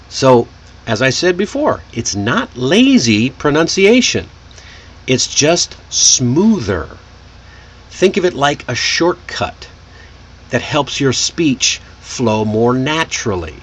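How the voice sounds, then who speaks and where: American male accent coach, unhurried and lively in pitch, slightly husky, demonstrates words over and over. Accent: General American. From United States. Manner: slow, demonstrative, repeats words for practice. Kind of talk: pronunciation lesson.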